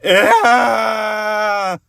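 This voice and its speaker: A man voicing a jumpy young male pony lighthouse keeper who shrieks high when scared. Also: animated, slow, bright, forceful tone, dry recording, clean studio sound, full character voice. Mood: panicked. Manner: panicky high-pitched screaming when scared.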